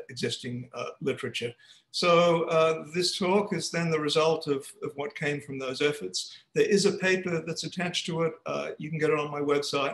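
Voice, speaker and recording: A man's voice: a little high, fairly bright tone, echoey room, rough recording. Hesitant man giving an online seminar talk. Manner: hesitant, with frequent restarts. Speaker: guest speaker. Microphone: computer mic on a video call.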